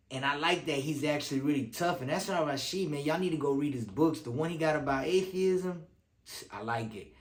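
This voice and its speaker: A man's voice: medium pitch, roomy sound. A man giving casual video commentary, talking in streetwise slang and repeating lines for emphasis.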